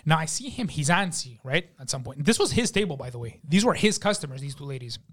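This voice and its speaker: Young guy with a high voice, swearing a lot, acting out every quote. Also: fast talker. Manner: animated, profane, acts out quotes. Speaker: podcast guest. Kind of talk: casual storytelling. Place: studio.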